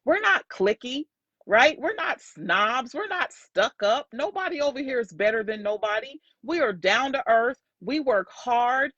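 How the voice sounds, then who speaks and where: A woman host with a fairly high voice, preaching her point with emphatic repetition. The sound is dull and lo-fi, yet close and dry with no room around it. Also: lively intonation, a little slow, fairly bright tone, dry recording. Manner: emphatic, preachy, repeats lines for effect. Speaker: host and sales coach. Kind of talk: motivational faith talk.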